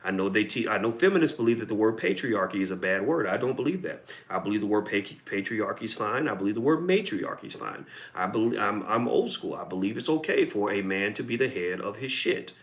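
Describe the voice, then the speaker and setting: Middle-aged man from Kentucky, host of his own commentary channel, blunt and swearing, animated delivery swinging up and down. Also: on the low side, brisk, hardly any pauses. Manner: blunt, profane, combative, emphatic. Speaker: online commentator. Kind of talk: video commentary monologue.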